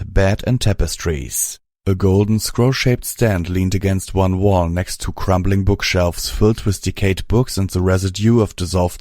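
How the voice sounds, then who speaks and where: Male audiobook narrator, low voice, warm tone, dry close sound. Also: dry recording. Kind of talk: scripted narration.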